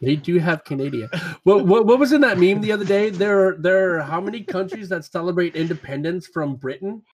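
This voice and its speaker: A man's voice: sits high, lively intonation, fairly quick, lo-fi sound. A man co-hosting a podcast, chatting casually and laughing through jokey banter. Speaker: podcast co-host.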